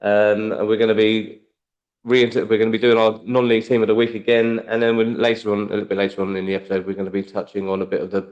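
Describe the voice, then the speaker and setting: A man's voice: lowish voice, completely flat delivery, fast, a little mellow. A man hosting a casual football podcast, teasing his co-host and rambling with fillers and restarts. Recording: slightly dull lo-fi sound.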